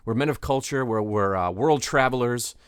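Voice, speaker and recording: A man's voice: medium pitch, moderate pace, clear, resonant tone, no echo. Rambling podcast host man, dry sound. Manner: rambling, filler-heavy setup with many restarts. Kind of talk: casual chat.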